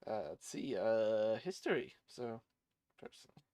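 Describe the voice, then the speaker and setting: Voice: mid-range voice, expressive, moderate pace, a little mellow, dry recording. A player in a tabletop game, easygoing and hesitant, describing a character. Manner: easygoing, hesitant with 'uh, let's see'. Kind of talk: casual tabletop play.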